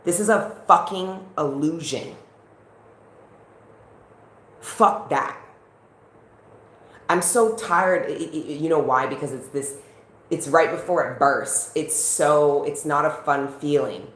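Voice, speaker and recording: A woman's voice: sits low, takes it slowly, pauses often, a bit bright. A woman doing a casual tarot reading, talking bluntly with plenty of swearing and frequent laughs. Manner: blunt, profane, laughs often. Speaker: tarot reader. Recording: roomy echo, faint background noise.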